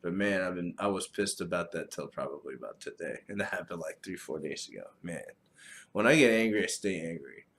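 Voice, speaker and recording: A man hosting a solo podcast, talking casually in a profane, rambling, animated way. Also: low-pitched, a little fast. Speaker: podcast host.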